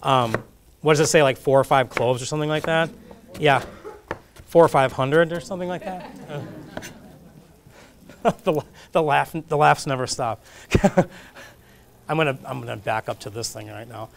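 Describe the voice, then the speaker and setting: A man speaks at medium pitch and a moderate pace in a gravelly voice, leaving long pauses, with slight background noise. He's demonstrating a recipe in a casual cooking class in a community kitchen classroom, talking through every step as he cooks, chatty, jokey and self-deprecating.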